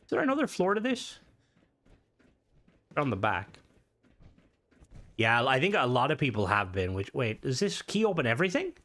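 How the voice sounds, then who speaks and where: A man live-streaming a game in loose, casual commentary, his pitch jumping around a lot as he talks. He swears freely, thinks aloud and chats with viewers while he plays. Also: wildly swooping pitch, normal speed, long pauses, a bit bright.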